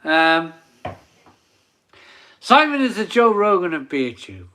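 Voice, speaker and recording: Bloke in his forties hosting a live stream, chatty, giggly, slow and bright. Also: high-pitched, sing-song. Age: 40s. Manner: chatty, laughs often, reads chat comments aloud. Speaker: beer reviewer and live stream host. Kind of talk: casual live stream chat.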